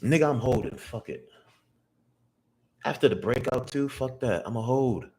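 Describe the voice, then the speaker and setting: A young man in his twenties livestyle-narrating his day trades to himself, slangy and full of swearing, repeating lines and jumping into high excited yelps. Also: moderate pace, a little hiss or hum. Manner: excitable, swears constantly, bursts into high hyped shouts. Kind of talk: live trading vlog, talking to himself.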